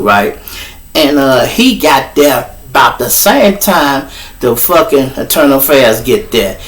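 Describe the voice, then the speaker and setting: Profane storyteller, mid-pitched man. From Chicago. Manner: profane, boastful, talks straight to the audience. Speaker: show host. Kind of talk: casual storytelling.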